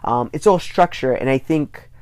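Man, casual podcast chat, mid-pitched voice, laughs a lot, rambling, dry close sound. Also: normal speed, darkish tone, no room sound. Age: adult, married and divorced. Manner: laughs often, talks in rambling restarts. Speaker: podcast co-host.

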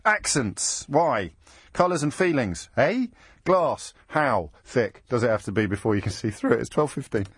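A man hosting a live radio phone-in show, bantering quickly and teasingly with callers. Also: mid-range voice, sing-song, slightly rough, dry recording, clean studio sound. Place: radio studio. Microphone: studio microphone.

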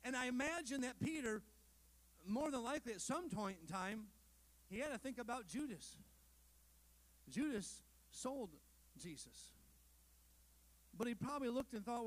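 High-voiced pastor preaching conversationally. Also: male voice, lively intonation, unhurried, long pauses, poor audio. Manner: conversational preaching with rhetorical questions and asides; self-deprecating humor with the congregation. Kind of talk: sermon.

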